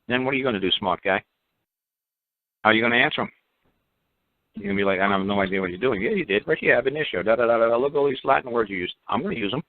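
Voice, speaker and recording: A man's voice: medium pitch, very fast, long pauses. Blunt man on a tinny radio line. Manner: blunt, animated, mocking imitations. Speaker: radio show host. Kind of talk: casual radio talk. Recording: tinny phone-like dry audio.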